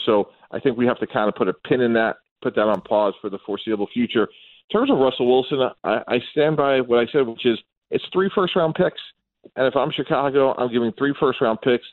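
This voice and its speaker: A man speaking as a football analyst guest on a radio show, in a measured, analytical way. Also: mid-range voice, no room sound. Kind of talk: sports radio talk. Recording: tinny phone-line sound.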